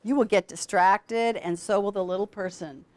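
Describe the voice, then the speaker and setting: A woman teaching a class of students how to read aloud to young children, with an animated, coaxing teacher's voice. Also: medium pitch, normal speed. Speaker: literacy program founder teaching students.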